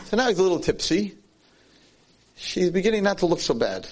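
A man giving a sermon as a Jewish lecturer, telling a story with animated, swinging delivery. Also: sits high, a little fast.

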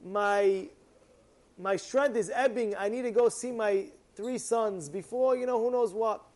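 A man's voice: sits high, a little slow. A man voicing an aging father who keeps pressing his sons with the same question, repeating himself. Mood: insistent. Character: aging father, insistent and worried about legacy.

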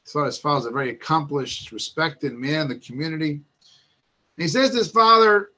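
A man giving a Torah talk, telling an old story in a lively, casual way full of asides and restarts. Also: on the high side, normal speed.

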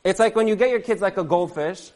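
A man's voice: sits high, fast talker, darkish tone. A man in his thirties telling a rambling comic story, full of fillers and laughing at himself.

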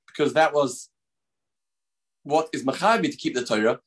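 A man's voice: on the high side, a little fast. A man delivers a daily Torah lesson. He speaks earnestly, leaning hard on key words and drawing them out for emphasis. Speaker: rabbi teaching a daily class. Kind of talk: recorded Torah lecture.

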